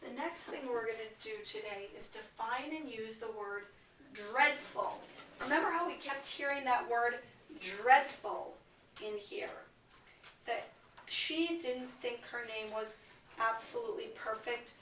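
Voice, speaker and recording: Kindergarten teacher, woman, slightly high voice, slow and coaxing delivery; recorded from across an echoey classroom. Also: fairly bright tone. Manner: slow, clear, coaxing teacher talk to small children. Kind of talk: classroom read-aloud lesson. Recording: echoey classroom, far from the camera mic.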